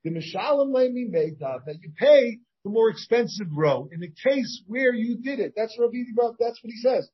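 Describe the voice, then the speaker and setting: Husky-voiced rabbi teaching a Talmud class. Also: male voice, very high voice, lively intonation, normal speed, few pauses, highs cut off. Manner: thinks aloud, with many restarts and questions to the students. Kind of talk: informal Talmud study lesson. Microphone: shared class recording, partly over a video call.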